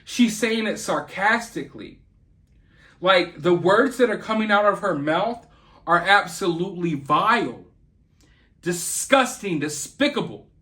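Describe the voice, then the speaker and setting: High-voiced man ranting indignantly. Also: expressive, a little slow, sharp tone. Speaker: channel host. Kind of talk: celebrity gossip commentary.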